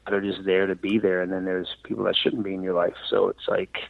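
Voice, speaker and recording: A man in his forties, a comedian and actor from New York and Florida, telling stories as a podcast guest. He acts out quoted lines loudly and swears freely. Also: deep voice, completely flat delivery, fast, gravelly, dry recording. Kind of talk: casual podcast storytelling. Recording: dull, dry sound.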